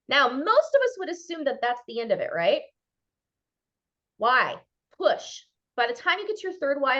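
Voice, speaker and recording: A middle-aged woman giving an expert talk on brand messaging, animated and acting out quotes as she goes. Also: on the high side, muffled recording. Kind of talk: lively workshop talk on a video call.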